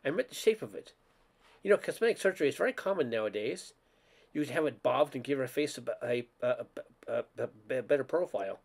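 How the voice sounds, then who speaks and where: A man's voice: medium pitch, expressive, fairly quick. Man putting on a pushy cosmetics saleslady. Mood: condescending. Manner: smooth, condescending salesy patter.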